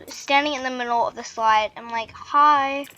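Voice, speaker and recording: Chatty bright-voiced woman rambling. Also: fairly high pitch, fairly even intonation, fairly quick, clear, resonant tone, lo-fi sound. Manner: rambling, chatty, full of "like" and restarts. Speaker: gaming channel host. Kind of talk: casual storytelling while playing a game.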